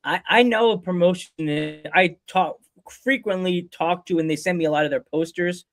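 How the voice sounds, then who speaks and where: A high-voiced man hosts a podcast in loose, casual chat. He rambles through half-started phrases and keeps cracking jokes. He laughs often and drops into playful quoted voices. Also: a bit bright. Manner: rambling, fast restarts. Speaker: podcast host.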